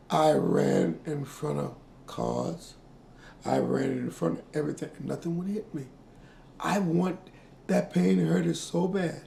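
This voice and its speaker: A man in his sixties being interviewed, telling a painful family story with quoted dialogue and halting repeats. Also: a little high, gravelly, dark tone. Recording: echoey room with faint noise.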